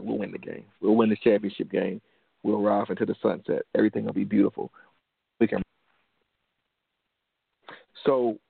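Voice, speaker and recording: A gravelly-voiced man from Detroit tells a personal story in an earnest, motivational way, circling back on key phrases. The sound is dry and narrow, like a phone line, with no room around him. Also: medium pitch, no echo. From Detroit, USA. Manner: earnest, repeats phrases for emphasis. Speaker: motivational show host.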